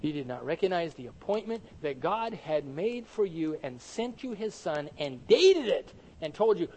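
A male pastor preaching a sermon in an animated way, peppered with rhetorical questions. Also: a little high, moderate pace, few pauses, a little hiss or hum, poor audio.

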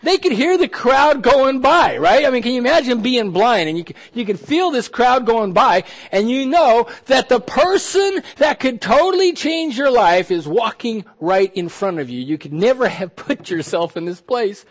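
A man preaching a sermon as pastor, animated, often repeating words and dropping to a soft, intense hush. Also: extremely high pitch, normal speed, few pauses.

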